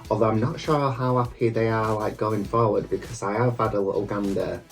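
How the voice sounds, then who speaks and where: A man's voice: fairly low pitch, steady tone, fairly quick, soft background music. A man, a drag queen, chatting casually and campily with rambling asides as he reviews a TV show while getting ready at a mirror. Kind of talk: casual reaction chat.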